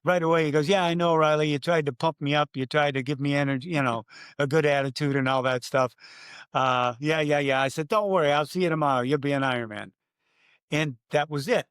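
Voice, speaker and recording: An older man with a fairly high voice tells his story in an interview, bursting into loud announcer calls as he acts them out. The sound is close and dry, with no room around it. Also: steady tone, a little fast, smooth, dry recording. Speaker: race announcer guest.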